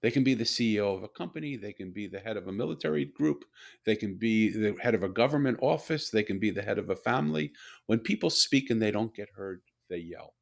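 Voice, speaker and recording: An older man telling a personal story in a conversational interview, animated and repeating words as he builds his point. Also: on the low side, fast, vocal fry. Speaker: guest, author and CEO.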